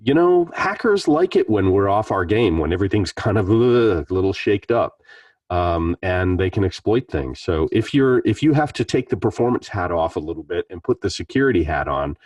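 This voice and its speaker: A man's voice: sits low, lively intonation, normal speed, a little mellow, no room sound, recorded from a distance. A man talking in a rambling, conversational way as a panelist in an online meetup. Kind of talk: casual online meetup discussion. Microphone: video call.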